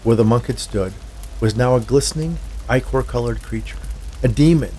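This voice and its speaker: A man narrating a scripted horror story in a measured way. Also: mid-range voice, mellow, a little hiss or hum.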